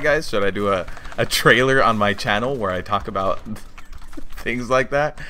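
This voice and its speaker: A man's voice: mid-range voice, moderate pace, pushed and bright, slight background noise. A young man streaming a game, talking casually and reacting aloud to gameplay at a desk mic. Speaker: gaming streamer. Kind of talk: casual live-stream commentary.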